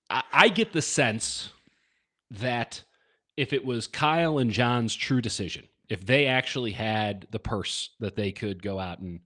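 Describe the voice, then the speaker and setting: A man's voice: on the low side, a bit bright. A man co-hosting a casual sports podcast, wry and self-deprecating, with jokey asides. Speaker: podcast co-host.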